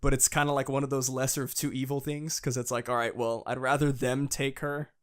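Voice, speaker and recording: A young man co-hosting a casual fan podcast, excitable, laughing often and swearing as he recaps. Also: medium pitch, a little fast. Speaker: podcast co-host.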